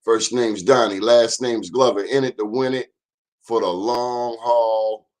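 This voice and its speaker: A man's voice: on the low side, a little mellow. A man hosting a casual live-stream monologue, chatting and speaking straight to his viewers. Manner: chatty, addresses viewers directly, drawn-out phrases. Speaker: host.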